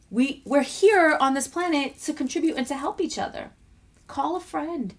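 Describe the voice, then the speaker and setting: A woman's voice: high-pitched, normal speed. A middle-aged woman, a motivational speaker and guest, telling a personal story in a conversational interview and acting out the voices she quotes.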